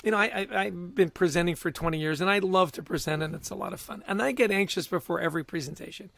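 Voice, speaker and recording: A high-pitched man with a gravelly, husky edge to his voice, talking as a guest in a casual interview. He tells stories in an animated way, stumbles over repeated words and laughs often. The sound is dry and close. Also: quick pace, dry recording.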